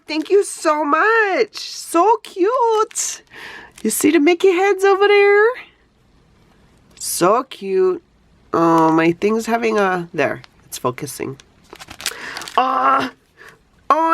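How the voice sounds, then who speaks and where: A woman from Hawaii, a craft YouTuber, gushing with excitement as she unboxes happy mail in casual chat. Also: high voice, no room sound. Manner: gushing, exclamatory, lots of "oh my gosh". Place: home, Phoenix.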